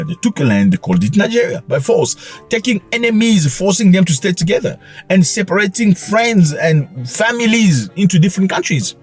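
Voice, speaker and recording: Emphatic husky man ranting to camera. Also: high voice, a little mellow. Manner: emphatic, rhetorical, scolding. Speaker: commentary channel host. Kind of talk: opinionated commentary monologue.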